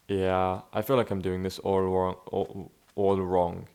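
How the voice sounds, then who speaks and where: Speaking casually and reflectively in an unscripted vlog, this young man has a low, clean, slightly mellow voice. He's a little slow and monotone, chatty and laid-back, restarting sentences often and dropping "bro" and "man" a lot.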